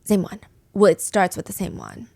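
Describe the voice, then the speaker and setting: A woman's voice: medium pitch, wildly swooping pitch, normal speed, gravelly, a little mellow, no room sound. A woman hosting a true crime podcast, retelling a case in a chatty, dramatic way with casual asides. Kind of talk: casual storytelling.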